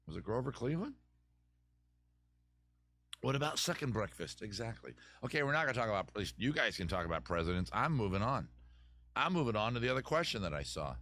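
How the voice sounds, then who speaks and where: A man's voice: deep voice, a bit bright. A man hosting a live advice stream, rambling through chat questions with jokey, digressive mock advice. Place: home room with a fire.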